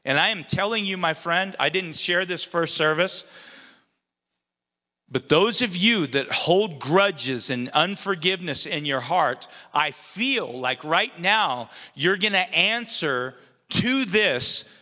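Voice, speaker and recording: A man preaching in a church sanctuary, his voice bright and a little high for a man. He retells scripture in loose, conversational words. A long reverb from the big hall trails behind him. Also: animated, slow. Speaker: pastor. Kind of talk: sermon.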